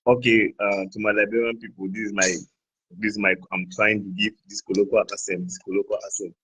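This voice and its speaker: A man's voice: lowish voice, level tone, a little fast, bright, forceful tone, slightly rough, no echo, low-quality recording. A man from Cameroon, a guest in a casual interview, talking in a hesitant, self-conscious way and laughing easily. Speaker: guest blogger.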